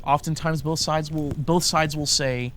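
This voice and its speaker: A man speaking as a guest in a casual discussion around an outdoor fire, measured and often repeating words as he restarts. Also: a little high, fairly even intonation, a bit bright, slight background noise.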